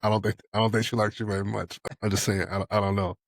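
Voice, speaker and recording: A man's voice: on the low side, little pitch movement, fast talker, creaky, no room sound. A man co-hosting a casual podcast, joking loosely, laughing often and quoting what others said. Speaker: podcast co-host. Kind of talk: casual chat.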